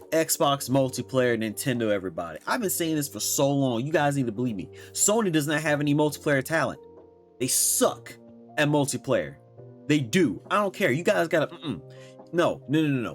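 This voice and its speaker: Angry ranting young man, lively high voice. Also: fairly quick, faint music behind. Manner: heated, loud and swearing, with slangy asides. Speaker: gaming commentator. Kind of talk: angry reaction rant.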